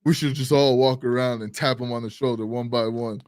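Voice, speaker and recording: Male co-host, mid-pitch, lively raconteur who swears and shouts out quoted lines, dry studio sound. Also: fairly quick, dry recording. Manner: animated, swears a lot, acts out quotes loudly. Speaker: podcast co-host. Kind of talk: casual storytelling chat.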